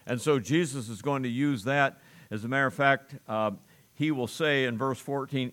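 Pastor, male, mid-pitched, measured sermon delivery with emphatic stresses. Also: fairly bright tone.

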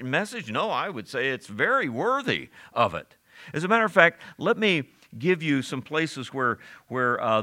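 A male pastor delivers a sermon in a bright, forceful voice. He preaches emphatically and keeps asking his listeners rhetorical questions. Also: mid-range voice.

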